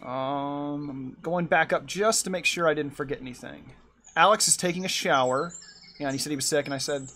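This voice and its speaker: A man's voice: fairly high pitch, brisk, sharp tone. A man streaming from his room at home, chatting casually and rambling while he draws and answers his chat. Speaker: art streamer.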